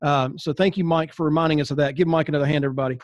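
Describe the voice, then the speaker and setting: Lively storytelling man, slightly high voice. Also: very fast, dry recording. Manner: lively storyteller, acts out dialogue, laughs often. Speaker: host and insurance agency leader. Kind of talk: casual storytelling talk to agents.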